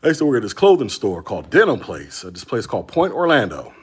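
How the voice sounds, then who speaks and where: A man's voice: mid-range voice, huge pitch swings, fast talker, breathy edge. A man from Central Florida hosting a casual tech stream, rambling through stories and calling his viewers y'all. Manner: rambling storyteller, slangy, addresses chat as y'all. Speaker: tech podcast host. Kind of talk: casual livestream chat.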